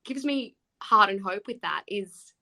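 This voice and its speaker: A woman in her twenties, a guest actor chatting on a podcast and telling animated stories with frequent laughs. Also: medium pitch, measured pace, vocal fry. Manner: animated storyteller, laughs often. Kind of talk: casual podcast chat.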